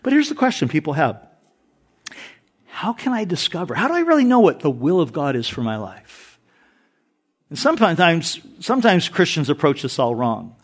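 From the pulpit, a middle-aged pastor with a fairly high voice delivers a sermon. He alternates between scripture readings and light, joking stories, keeping the congregation engaged through animated storytelling.

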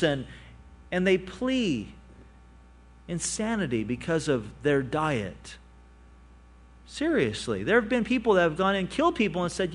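A male pastor delivering a sermon, animated in his storytelling, rising for emphasis and dropping to quiet asides. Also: high voice.

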